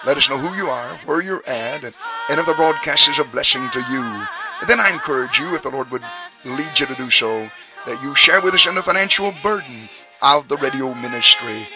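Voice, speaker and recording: A man's voice: on the high side, lively intonation, moderate pace, over music. A man preaching a radio sermon, emphatic, his voice rising on key phrases. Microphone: studio radio microphone.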